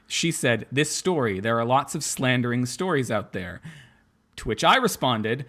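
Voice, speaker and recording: A man's voice: mid-range voice, animated, moderate pace, fairly bright tone. Man in a worried casual podcast chat. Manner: worried, restarts often, reads quotes aloud. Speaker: podcast co-host.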